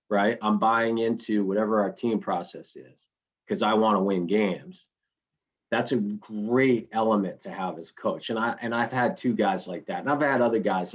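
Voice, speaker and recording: A middle-aged man with a husky, lowish voice spins coaching stories in a long interview. He circles back, restarts sentences and tags them with "right?" The sound is dull and lo-fi, like a remote call. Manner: storytelling, rambling with restarts and tag questions. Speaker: college baseball head coach, guest. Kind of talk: conversational interview storytelling.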